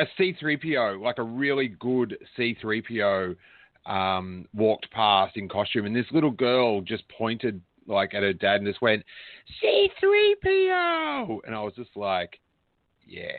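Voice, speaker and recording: A man's voice: lowish voice, steady tone, normal speed, no echo. A man hosting a casual chat, joking and talking with many restarts. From Australia. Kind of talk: casual chat over a call. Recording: tinny call audio, dry.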